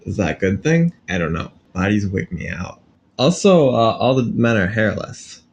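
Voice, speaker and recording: Low gravelly guy cohosting a chill podcast, rambly and jokey, lots of uhs. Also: big pitch swings, moderate pace, highs cut off, a little hiss or hum. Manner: rambling and jokey, with many fillers and restarts. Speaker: podcast co-host. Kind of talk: casual podcast chat.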